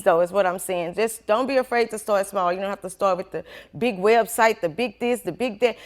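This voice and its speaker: A woman who owns a small business, giving a casual motivational talk to a class and acting out quoted voices as she goes. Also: medium pitch. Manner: animated, acts out quoted voices, laughs often.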